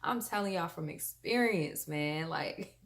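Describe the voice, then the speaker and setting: A woman's voice: on the low side, unhurried, creaky, a bit bright. A woman giving a frank, chatty motivational talk to her viewers, with slang and the odd laugh. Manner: laughs between points. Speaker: vlogger. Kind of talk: casual motivational talk to camera.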